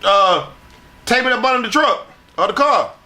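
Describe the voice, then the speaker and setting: A man's voice: extremely high pitch, animated, normal speed, sharp tone. A middle-aged man in a sit-down interview, telling brash and profane stories from his wrestling years and acting out what others said. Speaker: retired wrestler being interviewed. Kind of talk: profane shoot-interview storytelling.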